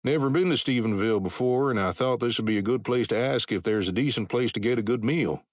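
A man voicing a somber, imposing cowboy drifter in an audiobook western, terse and even-toned. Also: medium pitch, fast, no echo, studio quality, lightly acted.

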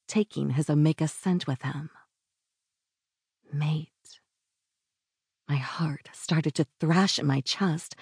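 A woman narrating a first-person audiobook in a slow, measured way, sometimes dropping into a hushed whisper. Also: fairly low pitch, husky, dry recording, studio quality.

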